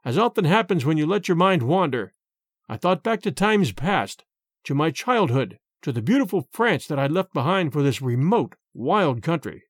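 Expressive male audiobook narrator. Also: on the high side, breathy edge, no room sound, clean studio sound. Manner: measured, storytelling. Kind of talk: scripted first-person narration.

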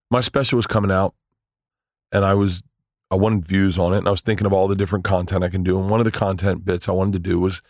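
Low-voiced man in his forties telling stories. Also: no echo, clean studio sound. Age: 40s. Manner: animated, swearing, acts out quoted voices. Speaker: comedian guest. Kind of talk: casual storytelling interview.

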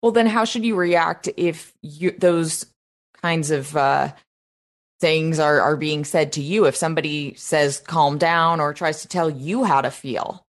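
A woman's voice: low-pitched, steady tone, a little slow. A woman interviewing a guest and asking direct, inquisitive questions.

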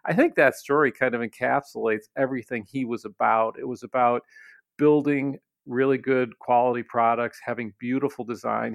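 A man's voice: mid-range voice, creaky, dry recording. A man, a company CEO, telling a story as an interview guest in a reflective way, with frequent fillers.

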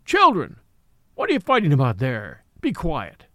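A man voicing a timid, thoughtful elephant that hauls big guns, speaking gently as if explaining. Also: a little high, wildly swooping pitch, normal speed, dry recording, clean studio sound. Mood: scolding. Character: old gurgly elephant, gun-team beast, timid and thoughtful.

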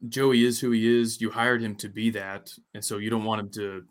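A man co-hosting a sports podcast, talking in a measured way and asking probing questions in casual chat. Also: on the low side, little pitch movement. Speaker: podcast co-host.

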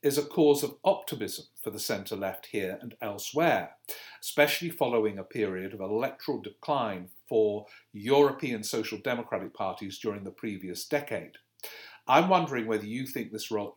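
A man with a lowish voice hosts a political podcast, reading out listener questions and answering them haltingly. His casual political commentary is packed with fillers and self-corrections.

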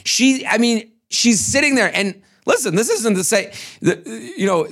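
High-voiced man in animated casual chat. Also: unhurried, slightly rough. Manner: animated, swears, acts out quotes. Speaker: podcast co-host. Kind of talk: casual chat recapping a reality show.

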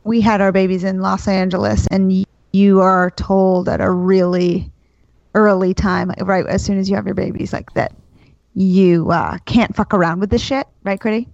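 A woman's voice: medium pitch, level tone, moderate pace, gravelly, a little mellow, no echo. A woman co-hosting a podcast, speaking frankly and matter-of-factly in casual chat. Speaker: podcast co-host. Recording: dry, slightly dull podcast audio.

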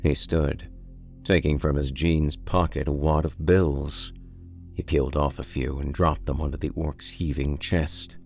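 A man reading a horror story aloud for a podcast in a slow, deliberate, dark way. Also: extremely low pitch, flat delivery, vocal fry, soft background music. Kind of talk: dramatic horror story narration.

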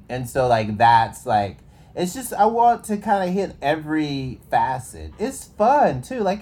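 A man's voice: a little high, a little mellow. A man talking as a comedian guest on a casual podcast, playful and riffing jokes.

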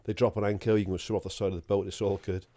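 A man's voice: on the low side, level tone, very fast, mellow. A man, a podcast co-host, telling a rambling anecdote, swearing freely and laughing as he goes. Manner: swears freely, laughs through his story.

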